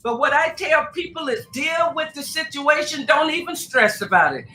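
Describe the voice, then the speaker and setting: A woman's voice: sits high, animated, moderate pace, bright, forceful tone. A woman spiritual advisor from Tacoma, Washington, talking as a guest on a radio show. She speaks emphatically and with exclamation, calling the host "girl" and "honey.". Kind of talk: casual preachy radio chat. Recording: echoey room, faint noise.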